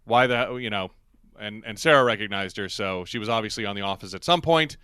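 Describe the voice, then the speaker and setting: Bright, chatty male podcast host. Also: lowish voice, brisk, clean tone, no echo, studio quality. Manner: rambling, laughs often, acts out quoted lines. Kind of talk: casual chat recapping a TV episode.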